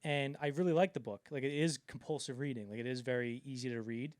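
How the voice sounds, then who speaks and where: A man co-hosts a film podcast, chatting casually and rambling with lots of fillers while acting out the quotes he retells. His voice is medium-pitched and fast. The studio-quality recording has no room sound.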